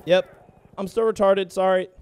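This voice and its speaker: A young man streaming live gameplay, talking to his chat and teammates, excitable and profane, often breaking into shouts. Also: sits high, measured pace, crowd noise. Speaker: game streamer; military veteran gamer.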